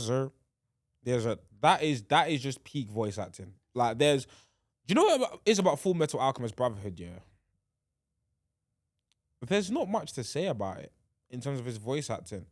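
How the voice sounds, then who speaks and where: Animated man rambling on a podcast. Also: mid-range voice, normal speed, long pauses, no room sound, clean studio sound. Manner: animated, rambling, restarts sentences often. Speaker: podcast host. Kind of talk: casual solo podcast chat.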